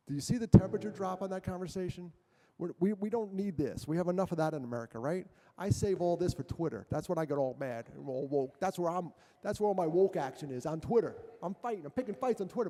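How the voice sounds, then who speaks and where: A middle-aged man giving a talk to an audience, animated, acting out quotes and joking with the crowd. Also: on the high side, fast talker. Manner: animated storyteller, acts out quotes, jokes with the crowd. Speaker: guest speaker. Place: large hall with an audience. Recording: long hall reverb.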